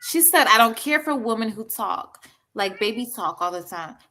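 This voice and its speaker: Bright-voiced woman in her twenties, indignant panelist. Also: fairly high pitch, expressive, normal speed, slight background noise. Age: 20s. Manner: indignant, profane. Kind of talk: casual live-stream panel talk.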